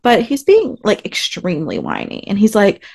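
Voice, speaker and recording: A woman's voice: medium pitch, moderate pace, vocal fry, husky. Woman podcast host recapping a show, chatty and sarcastic, voice bouncing all over. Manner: animated, sarcastic asides, acts out quotes. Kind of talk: casual TV episode recap chat.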